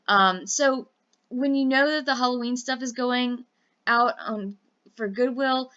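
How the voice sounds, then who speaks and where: A woman's voice: on the high side, measured pace, a bit bright, dull audio. A woman from Louisiana chatting casually about her eBay sales, rambling with lots of fillers. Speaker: eBay reseller vlogger. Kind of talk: casual chat.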